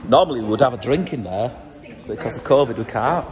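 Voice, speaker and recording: Filmed on a handheld phone in a backstage studio dressing room, a middle-aged TV host makes a casual video diary, rambling, joking and making fun of himself. His mid-range voice is animated and quick, and there is background noise.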